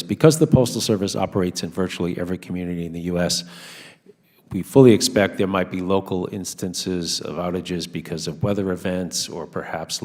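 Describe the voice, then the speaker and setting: A man giving formal, assured testimony at a hearing. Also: deep voice. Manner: steady, assured statements. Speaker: hearing witness. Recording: long reverb of a hearing room.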